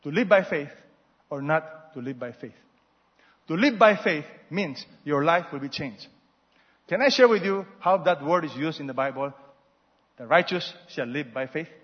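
A man's voice: a little high, lively intonation, moderate pace, long pauses, husky. Man preaching, emphatic swings. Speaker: pastor. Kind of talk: sermon. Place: large church hall. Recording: muffled sound with long hall reverb.

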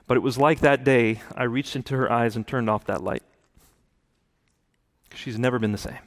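A man's voice: mid-range voice, moderate pace. A man giving a sermon about his own conversion, telling it earnestly and rising to impassioned preaching. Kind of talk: testimony sermon.

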